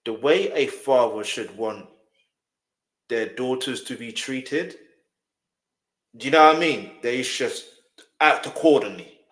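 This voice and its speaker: A man's voice: medium pitch, measured pace, long pauses, fairly bright tone. Guy reacting to a clip, keeps repeating himself, roomy echoey sound. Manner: emphatic, repeats himself, speaks straight to viewers. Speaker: reaction host. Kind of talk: casual reaction commentary. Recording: roomy echo.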